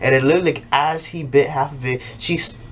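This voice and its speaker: A man's voice: on the high side, fairly even intonation, quick pace, slight background noise. A man talking casually as a YouTuber, recapping a TV episode with plenty of swearing and jumping into exaggerated voices for the characters. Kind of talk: casual, profane recap monologue.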